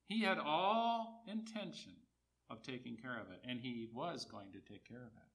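Emphatic preacher man with a lively voice. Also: moderate pace. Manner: emphatic, repeats key phrases for emphasis; rises high and loud on quoted speech, drops low on asides. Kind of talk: sermon.

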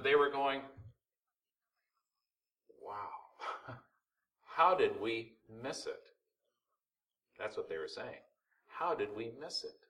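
Male preacher, sermon delivery, sharp bright tone, recorded from a distance. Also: on the high side. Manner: preaching with rising and falling intensity, rhetorical questions. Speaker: pastor.

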